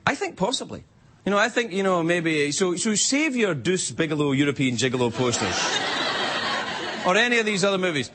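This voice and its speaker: This late-night talk show host, a man with a Scottish accent, sounds very animated, his voice sitting high and his pace fairly quick. His stand-up monologue is wry and rambling, with jumps into silly voices, and the TV studio audience laughs and makes noise.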